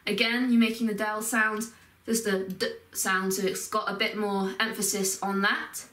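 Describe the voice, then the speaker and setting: A woman's voice: medium pitch, fairly even intonation, normal speed, fairly bright tone. A woman teaching a step-by-step recitation lesson, explaining patiently and carefully and drawing out example sounds. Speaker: Quran teacher. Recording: echoey room, voice from a distance.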